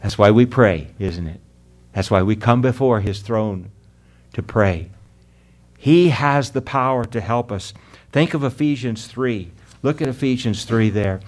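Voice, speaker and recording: A male pastor delivering an earnest sermon in a voice of ordinary middle pitch. He leans hard into key words, then drops to a softer, slower tone when he reads scripture aloud. He keeps turning to his listeners as friends and beloved. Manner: earnest preaching, drops loud then soft for emphasis, slows on scripture; addresses the congregation as "my friends" and "beloved".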